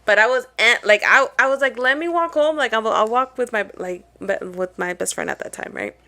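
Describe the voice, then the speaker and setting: A young woman shares a story in casual podcast chat, her voice pitched in the middle range. She talks in a relaxed way, swears lightly and lets her sentences trail off. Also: brisk, creaky. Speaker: podcast co-host.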